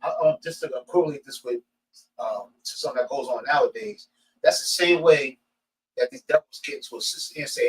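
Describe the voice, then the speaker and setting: A man with a New Jersey Black American accent, reading scripture slowly and adding his own comments. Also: a little high. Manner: slow, deliberate scripture reading. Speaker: scripture reader and co-teacher. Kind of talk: reading scripture aloud and affirming. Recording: distant voice with faint noise.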